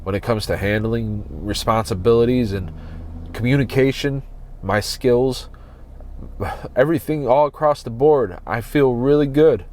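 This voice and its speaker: A man's voice: mid-range voice, a little mellow, slight background noise. Earnest man talking in a van. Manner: earnest, soul-searching, slow and deliberate. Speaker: podcast host. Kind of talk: solo podcast monologue. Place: inside a parked van.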